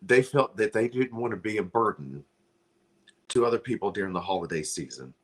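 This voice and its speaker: A man's voice: lowish voice, fairly quick. A man hosting a livestream, making an earnest, pleading charity appeal while fighting back tears. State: close to crying. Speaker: livestream host.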